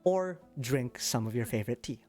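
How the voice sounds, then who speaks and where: A casual man running a tabletop game, narrating in a halting, loose way full of "like" and "um". Faint music plays underneath. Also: medium pitch, animated, a little mellow. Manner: casual, halting, many fillers. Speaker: game master.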